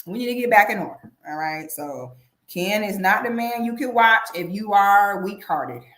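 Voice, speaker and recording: A woman's voice: medium pitch, moderate pace. A woman hosting a casual commentary livestream, talking emphatically and often asking "okay?". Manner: animated, emphatic, repeats "okay?". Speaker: commentary channel host. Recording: echoey room.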